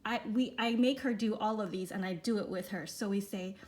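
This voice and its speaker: A woman reviewing children's learning books for her child, talking in a relaxed way with frequent fillers and demonstrating sounds. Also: medium pitch, brisk. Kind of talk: casual instructional review.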